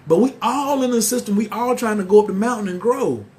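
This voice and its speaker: A man, telling a story in a casual, animated way and acting out the quoted voices. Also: high-pitched, fairly quick. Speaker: spiritual teacher.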